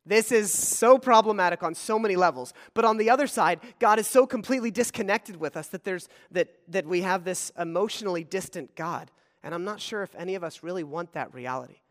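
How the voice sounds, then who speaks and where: A man preaching a sermon, swinging between loud, emphatic scripture reading and quiet, low asides. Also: brisk, hardly any pauses. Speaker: pastor. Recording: long hall reverb.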